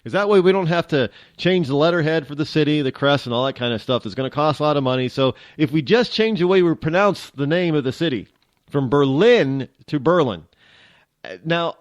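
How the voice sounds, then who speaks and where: A New England man hosts a casual talk radio show, delivering a rambling, joking monologue that keeps interrupting itself. His voice sits on the high side with lively intonation and a moderate pace, and the recording is dry.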